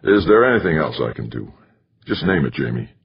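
A man voicing a grave, earnest middle-aged university president and bishop who speaks in a measured, consoling way. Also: rumbling low, sing-song, vocal fry, husky, heavily acted. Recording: muffled lo-fi recording.

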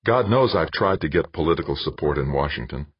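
A man doing a gruff, doubtful boss. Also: very deep voice, animated, a little fast, no room sound, full character voice. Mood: skeptical. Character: skeptical weary male company boss. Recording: dull lo-fi dry recording.

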